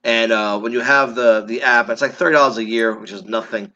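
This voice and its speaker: A man's voice: mid-range voice, steady tone, a little fast, pushed and bright, lo-fi sound, slight background noise. A man co-hosting a casual chat, opinionated and profane, ranting about the news.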